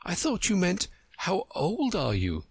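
Man voicing a polite, earnest young storybook girl: high, careful, slow. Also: huge pitch swings, breathy edge, dry recording, exaggerated voice. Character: polite earnest seven-year-old girl.

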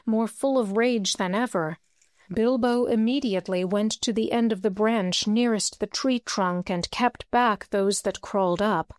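Woman audiobook narrator, smooth clear voice, close and dry recording. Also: medium pitch, no echo. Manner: steady storytelling, lifts her voice for dialogue. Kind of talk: audiobook reading.

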